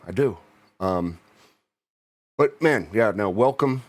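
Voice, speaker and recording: Very deep-voiced man, laid-back chat. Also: animated, takes it slowly. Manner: laid-back, laughs often. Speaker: podcast co-host. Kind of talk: casual chat.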